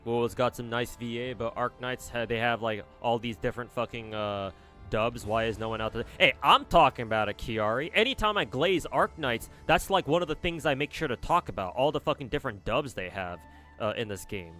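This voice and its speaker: A man's voice: mid-range voice, brisk, sharp tone, faint music behind. A young man streaming games, rambling casually, swearing and answering chat messages. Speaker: gacha game streamer.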